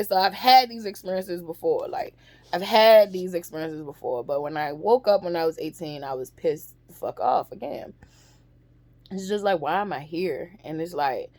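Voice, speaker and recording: A woman's voice: fairly low pitch, dry recording. A young adult woman telling a candid, profane storytime, emphatic and rambling. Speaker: vlogger. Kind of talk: casual storytime monologue.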